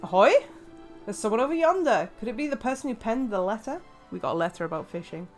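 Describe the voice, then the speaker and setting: A woman's voice: a little high, lively intonation, fast talker, natural voice. A hammy, blustering pirate captain, as a woman puts him on over a game. He bellows his lines in a big, swaggering voice. Faint jaunty music plays underneath. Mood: hearty. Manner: hammy pirate talk, loud exclamations.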